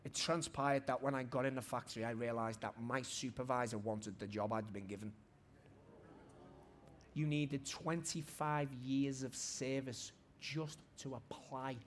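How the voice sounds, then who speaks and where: A man in his forties preaching a testimony sermon in a church hall, fervent and shouting at his high points. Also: a little hiss or hum.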